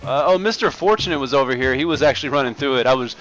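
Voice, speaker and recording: A man's voice: medium pitch, animated, racing, fairly bright tone, dull audio, faint music behind. A man hosting and chatting casually over gameplay, upbeat and rambling with plenty of fillers. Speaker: server host and gaming commentator.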